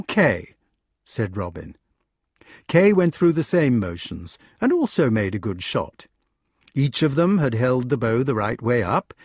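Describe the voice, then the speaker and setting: A man narrating an audiobook with expressive storytelling. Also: mid-range voice, husky, no echo, clean studio sound.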